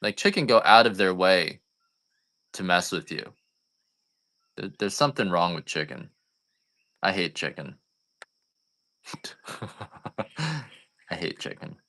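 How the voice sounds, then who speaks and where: A man's voice: sits low, lively intonation, a little slow, pauses often, sharp tone. A man, a coffee farmer selling on a live stream, chatting casually and going off on rambling, joking rants.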